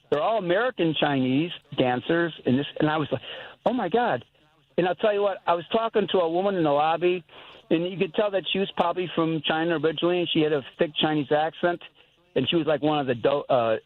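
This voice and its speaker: An older man rambles through his story over a tinny, phone-like line. His voice sits fairly high for a man and sounds close and dry, and he talks earnestly, circling back and repeating himself. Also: dry recording. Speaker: caller. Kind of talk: casual call-in chat.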